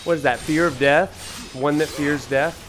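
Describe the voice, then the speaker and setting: A man's voice: fairly high pitch, steady tone, unhurried. A man with a Southern US drawl hosting a live gameplay stream, greeting chat viewers with enthusiasm. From Alabama, USA. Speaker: streamer and professor. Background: faint game music.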